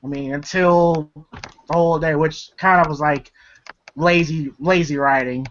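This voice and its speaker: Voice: medium pitch, fairly even intonation, unhurried, slight background noise. Rambly movie reviewer just chatting, laughs a lot, kinda muffled lo-fi recording. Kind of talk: casual movie review chat. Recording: dull lo-fi recording.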